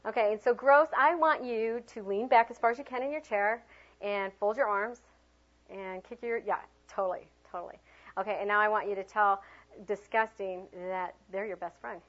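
A woman leading a teaching workshop, animated and chatty, swinging her voice high and low to demonstrate tone and prompting the group with lots of fillers. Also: normal speed. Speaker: teacher trainer. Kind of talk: classroom workshop talk. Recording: dull lo-fi room recording.

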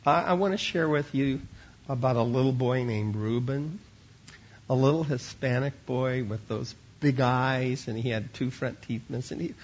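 A man's voice: medium pitch, normal speed, husky, lo-fi sound. A man who teaches children at church, telling an earnest sermon-style story and often repeating words as he starts a line.

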